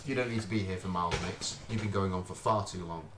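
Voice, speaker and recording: A man's voice: deep voice, fast talker. A man, chatting casually as he directs a home recording session. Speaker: stream host recording vocals. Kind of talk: casual studio chat. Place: home studio. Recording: echoey room, mic far off, noisy.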